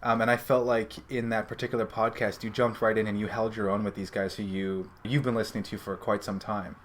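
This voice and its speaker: A man's voice: lowish voice, little pitch movement, a little fast, a little hiss or hum. A man in his thirties co-hosting a podcast, enthusiastic and joking. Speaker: podcast co-host. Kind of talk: casual chat.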